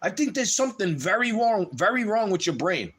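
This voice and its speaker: A man with a high voice holds forth on a livestream in a heated, swearing rant. His pitch climbs and plunges widely as he talks, so the delivery sounds restless and agitated throughout. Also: very animated, a little fast, a bit bright, slightly rough. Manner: heated, profane, ranting.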